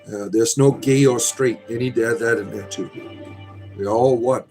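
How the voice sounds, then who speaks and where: A man's voice: mid-range voice, steady tone, normal speed, music in the background. Irreverent rambling male livestream host. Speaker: livestream host reading chat. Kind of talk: casual livestream chat.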